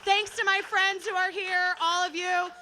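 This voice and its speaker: A woman's voice: very high voice, level tone, normal speed, background noise. A young woman doing a self-deprecating stand-up comedy set at an open mic, telling stories full of fillers and laughs. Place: open mic night at a bar.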